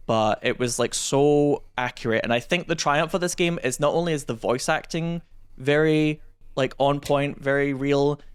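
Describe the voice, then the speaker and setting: A man from Scotland with a Scottish accent talks casually on a gaming podcast. His voice is smooth and resonant. He tells stories with energy and slips into quoted voices. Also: a little high, moderate pace. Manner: animated, storytelling with quoted asides. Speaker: podcast co-host. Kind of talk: casual chat.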